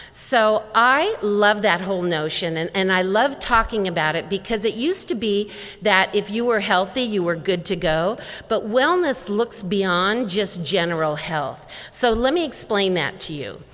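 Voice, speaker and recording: A middle-aged woman giving a conference talk as a wellness educator, a lively storyteller who acts out dialogue. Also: medium pitch. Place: large conference hall. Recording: long reverb of a large hall.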